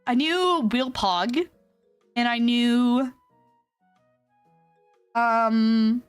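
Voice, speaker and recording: A young woman VTuber telling a story in a casual, animated way, laughing often. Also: extremely slow, smooth, faint music behind. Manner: animated, laughs often, acts out quotes in high squeals. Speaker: VTuber streamer.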